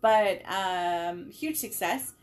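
A woman's voice: mid-range voice, very slow. A woman in her thirties chatting casually about home cooking, laughing often and swearing now and then. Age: 30s. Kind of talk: casual chat.

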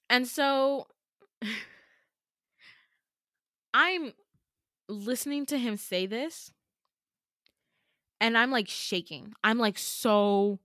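A young woman hosts her own podcast and recounts a personal story. She is emphatic and animated and swears without holding back. Her voice sits at a middle pitch and sounds close and dry, with no room around it. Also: no room sound. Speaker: podcast host.

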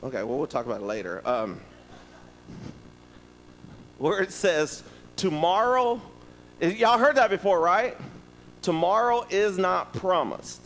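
A man preaching a sermon, telling stories and talking directly to the congregation in a lively, conversational way. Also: sits high, a little slow, long pauses, big-room sound, low-quality recording. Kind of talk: sermon with storytelling.

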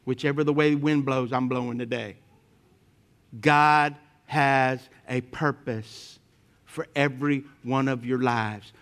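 A man preaching a sermon, telling humorous personal stories to his congregation and swinging between loud emphatic points and quiet asides. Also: mid-range voice. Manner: lively storytelling with humor, speaking to the congregation. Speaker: pastor.

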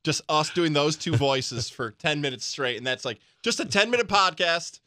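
A man co-hosting radio sports talk at a studio mic, with wry, quick banter. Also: fairly high pitch, lively intonation, sharp tone, dry recording.

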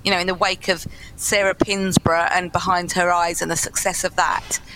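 Bright-voiced woman giving effusive feedback. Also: lowish voice, little pitch movement, normal speed, rough recording. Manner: effusive, repeats herself, many restarts. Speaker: guest reviewer. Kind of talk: casual critique chat.

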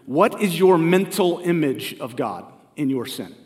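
A man's voice: fairly high pitch, expressive, unhurried, darkish tone. A man of forty preaching a sermon as family pastor, earnest and conversational, asking the congregation questions. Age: 40s. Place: church sanctuary. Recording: live church recording with long hall reverb.

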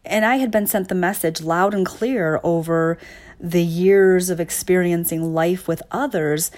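A woman with a somewhat low-pitched voice talks through ideas about emotional awareness. Her delivery is conversational and searching, full of restarts and soft laughs, and she keeps checking in with listeners. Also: steady tone, measured pace. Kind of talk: reflective talk to listeners.

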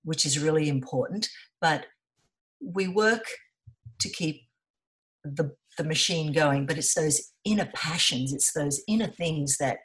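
Low-voiced woman telling her story earnestly. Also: a little slow. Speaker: interview guest, environmental volunteer. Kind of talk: conversational interview.

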